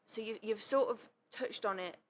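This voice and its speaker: A woman's voice: fairly high pitch, moderate pace, a little hiss or hum. A woman hosting a podcast, asking questions and answering her guest supportively. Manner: gentle, affirming, frequent "yeah". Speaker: podcast host. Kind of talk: interview questions and supportive responses.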